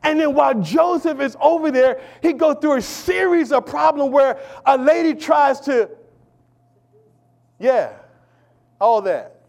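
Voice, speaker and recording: High-voiced preacher calling out to his church. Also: animated, unhurried, vocal fry, long pauses. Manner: preaching with call-and-response, swings between shouting and near-whisper. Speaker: pastor. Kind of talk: sermon.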